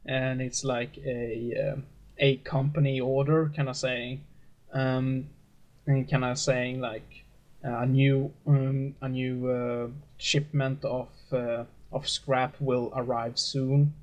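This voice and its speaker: A man narrating a tabletop role-play as game master, halting and full of hesitations. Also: medium pitch, level tone, darkish tone, muffled recording. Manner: hesitant, many fillers and restarts.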